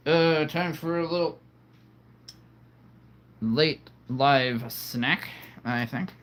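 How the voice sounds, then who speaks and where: A man's voice: on the high side, very slow, a bit bright, slight background noise. A man hosting a casual livestream, chatting playfully with viewers and laughing at his own jokes. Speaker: livestream host.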